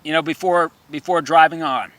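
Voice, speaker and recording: Stammering, ranting man with a bright voice. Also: fairly high pitch, steady tone, normal speed, dry recording. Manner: stammering, repeating words, erupting into profane rants. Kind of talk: rambling monologue.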